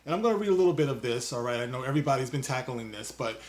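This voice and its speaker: A man's voice: medium pitch, lively intonation. Male commentary host, casual monologue, mocking tone, jokey asides. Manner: loose and mocking, quick asides, sings and jokes.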